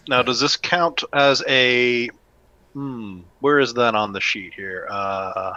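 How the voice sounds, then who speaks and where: A man's voice: mid-range voice, takes it slowly, bright, forceful tone, no room sound, muffled recording. A man playing a tabletop role-playing game, asking about his character sheet in casual talk. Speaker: player.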